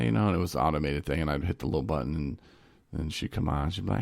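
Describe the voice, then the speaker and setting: A man's voice: very deep voice, very fast, vocal fry, dry recording, clean studio sound. A man co-hosting a casual recovery talk show, telling stories with laughs and acting out phone calls in a rambling way. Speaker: podcast co-host. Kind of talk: casual chat.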